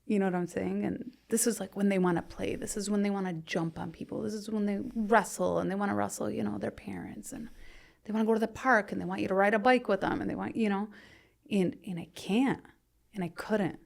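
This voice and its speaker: Woman in her thirties, gravelly fry, candid interview talk, voice trailing soft at phrase ends. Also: mid-range voice, steady tone, brisk. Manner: conversational, frequent "you know", trails off softly to near-whisper. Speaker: podcast guest. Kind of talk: candid personal storytelling in interview.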